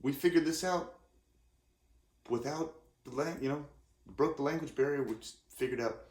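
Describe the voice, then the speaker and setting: A man's voice: fairly high pitch, moderate pace, pauses often, a little mellow. A man in his forties from California, talking casually in a rambling, self-interrupting way with lots of restarts. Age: 40s. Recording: roomy echoey room.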